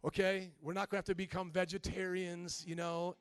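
A man in his thirties preaching a sermon, joking with the congregation and then slowing into soft, calm reading. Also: high voice, clear, resonant tone, dry recording. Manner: animated, jokey preaching that drops to a slow soft voice. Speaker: pastor.

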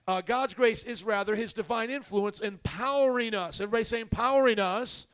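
A man's voice: high voice, a bit bright, clean tone. A male pastor preaching a sermon to his church, emphatic and prompting the congregation to answer back.

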